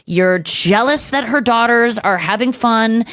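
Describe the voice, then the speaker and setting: A woman's voice: on the high side, a little slow, dry recording. A woman hosting a podcast, chatting casually and telling stories with gushing enthusiasm. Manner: animated, gushing storyteller. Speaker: podcast host. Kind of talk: casual chat.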